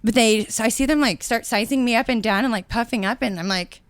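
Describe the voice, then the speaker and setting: A woman hosting a podcast, telling a story in a casual, animated, profane way into a studio microphone. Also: fairly high pitch, fast, dry recording. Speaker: podcast host.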